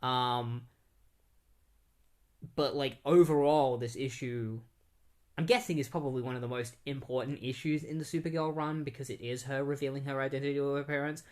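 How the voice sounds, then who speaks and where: A man's voice: mid-range voice, steady tone, normal speed. A young man casually recapping and reviewing a comic book in a rambling, conversational way.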